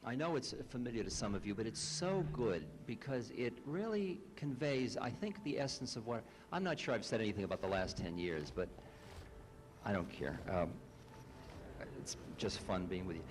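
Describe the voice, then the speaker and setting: A man's voice: fairly low pitch, lively intonation, moderate pace, faint music behind. Wry man telling a spiritual story. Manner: wry, self-deprecating, chuckling asides. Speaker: spiritual teacher and author. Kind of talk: storytelling talk and reading aloud.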